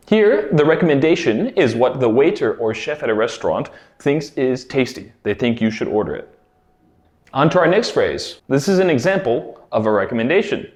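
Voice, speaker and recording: Animated man teaching English phrases. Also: mid-range voice. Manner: slow, exaggerated modelling of example phrases. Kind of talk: lively teaching narration.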